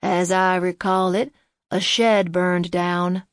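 A woman voicing a wizened, guarded old man who answers in gruff, hoarse, terse lines. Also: fairly low pitch, little pitch movement, no room sound, studio quality. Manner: terse, evasive, slow replies.

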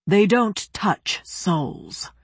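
A woman voicing a stern, proud male official in an audiobook, speaking slowly in formal, lecturing phrases. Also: lowish voice, husky, no echo. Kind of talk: audiobook character voice.

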